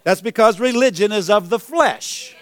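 A man's voice: high voice, normal speed. A man preaching a sermon as pastor, building to emphatic exclamations.

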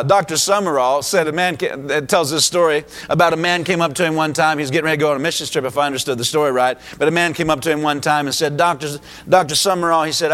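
A man's voice: on the high side, fairly bright tone. A man from the United States preaching a sermon as pastor, emphatic, with rising exclamations.

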